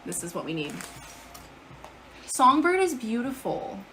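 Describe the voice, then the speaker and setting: Woman streamer, chatty and loose, swears offhand, bright, forceful voice. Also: fairly high pitch, sing-song, measured pace, slight background noise. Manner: chatty, swears casually, answers chat aloud. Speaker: live streamer. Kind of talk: casual live-stream chat. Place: at home.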